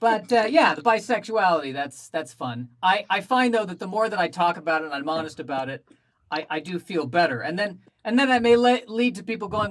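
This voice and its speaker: A man doing a stand-up comedy set, telling animated stories with self-deprecating asides, performing remotely over a video call. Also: high-pitched, a little fast.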